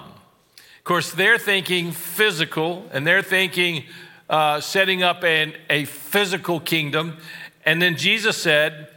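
A man preaching a sermon, slow and deliberate, stressing key phrases and adding wry asides. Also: on the high side, fairly even intonation, sharp tone, in a large hall. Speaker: pastor.

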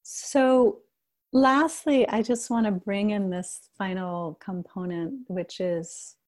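A middle-aged woman leading a guided meditation and talk on self-compassion, speaking gently and unhurriedly. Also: mid-range voice, fairly even intonation, takes it slowly. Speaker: meditation teacher.

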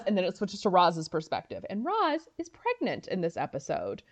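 A woman co-hosting a podcast, retelling an episode in a lively, animated way with quick asides. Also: on the low side. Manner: animated storyteller, quick asides and quoted lines. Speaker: podcast co-host. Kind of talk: casual chat, retelling an episode.

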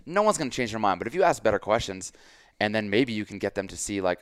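A man's voice: fairly low pitch, big pitch swings, fast talker, clear, resonant tone, no echo, clean studio sound. A man hosting a casual podcast as a fitness coach, talking emphatically with lots of "like" and quoted dialogue.

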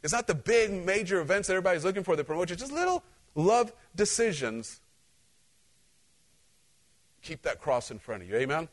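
Here a male pastor speaks in a high voice, fairly quickly but with frequent pauses. He preaches a conversational sermon with animation, telling personal stories and talking directly to the congregation.

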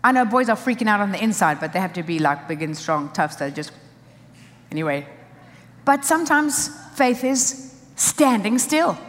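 A woman's voice: medium pitch, very animated, normal speed, long reverb tail. A woman preaching a sermon with emphasis, driving points home in short repeated phrases.

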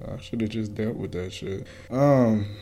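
A man's voice: lowish voice, measured pace, dark tone. A man co-hosting a casual chat podcast, telling stories in a loose, profane, laid-back way. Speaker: podcast co-host.

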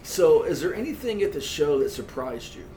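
A man, a magazine editor, talking earnestly and chattily on a podcast with halting restarts. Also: fairly high pitch, big pitch swings, mellow, slight background noise. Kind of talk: casual podcast chat. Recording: echoey room.

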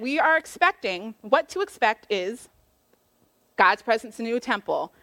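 A woman's voice: sits high, fairly bright tone. A woman preaching a casual sermon, retelling a Bible story in a chatty, slangy way and acting out the quoted lines with little voices.

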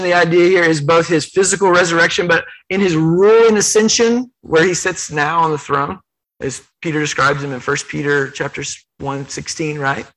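A man's voice: high-pitched, bright, forceful tone, poor audio. A man preaching a sermon, earnest and emphatic, retelling scripture in his own words with repetition. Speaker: pastor.

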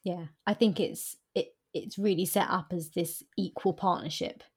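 A woman's voice: on the low side, steady tone, breathy edge. A woman co-hosting a book podcast, chatting casually with frequent fillers. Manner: warm, halting with fillers.

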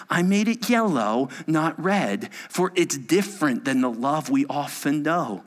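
A man in his forties preaching a sermon as a pastor, animated and quick to act out the people he describes. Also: medium pitch. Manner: animated, acting out quoted people in quick impressions.

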